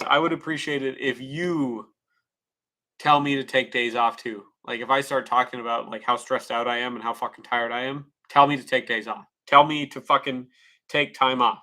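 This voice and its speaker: A man's voice: mid-range voice, sharp tone. A man streamer chatting casually and rambling frankly, swearing freely. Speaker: livestreamer. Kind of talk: casual livestream chat.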